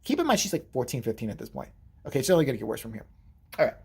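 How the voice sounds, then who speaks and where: A man's voice: mid-range voice, big pitch swings, racing, vocal fry, breathy edge. A man telling a long personal story in a casual vlog monologue, profane and rambling, correcting himself as he goes. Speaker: vlogger telling a family story.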